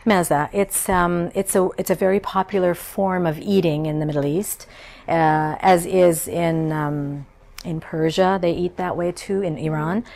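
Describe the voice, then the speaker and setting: A middle-aged woman chef talks through memories in a lowish voice that turns gravelly and fry-laden at the ends of phrases. She tells her stories conversationally, sometimes acting out the voices of people she remembers. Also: steady tone, measured pace. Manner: warm storytelling, acts out childhood voices. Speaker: chef and cookbook author. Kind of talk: interview conversation.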